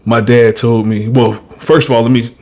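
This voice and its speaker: A man holds forth on a podcast in a loose, conversational way. He is blunt and swears freely. He tells his story with animated energy and stays at a mid pitch. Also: normal speed. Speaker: podcast host. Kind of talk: casual podcast storytelling and commentary.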